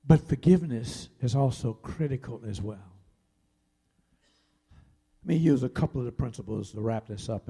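Gravelly preacher telling a story. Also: male voice, medium pitch. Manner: animated, swings from loud to near-whispered. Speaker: pastor. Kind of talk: sermon storytelling.

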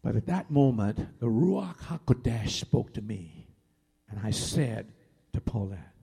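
A man in his fifties, a pastor telling a personal story in a sermon, animated and swinging from loud to near-whispered. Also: fairly low pitch, unhurried, creaky, breathy edge.

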